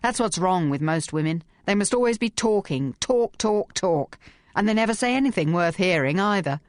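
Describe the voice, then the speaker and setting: A woman putting on a gruff, barking spinster. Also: fairly low pitch, lively intonation, moderate pace, no room sound, studio quality, lightly acted. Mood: brusque. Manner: brusque, clipped, barking. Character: gruff, blunt middle-aged woman writer.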